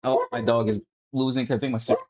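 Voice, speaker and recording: A man's voice: medium pitch, fairly even intonation, quick pace, darkish tone. A young man at home, streaming and reviewing gameplay footage in a laid-back, coaching tone that swears casually. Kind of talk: casual commentary.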